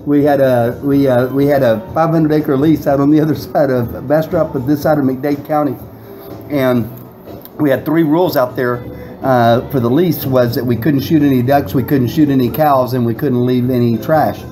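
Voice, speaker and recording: Middle-aged guest, rambling and laughing, mellow tone. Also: male voice, medium pitch, fairly even intonation, normal speed, faint music behind, rough recording. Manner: rambling, laughing storyteller with restarts. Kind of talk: casual storytelling.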